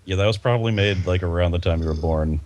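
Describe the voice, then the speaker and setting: A man's voice: low voice, fast talker, a little mellow. A young man co-hosting a gaming podcast, laid-back and wry as he complains about games. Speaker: podcast co-host. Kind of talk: casual gaming chat.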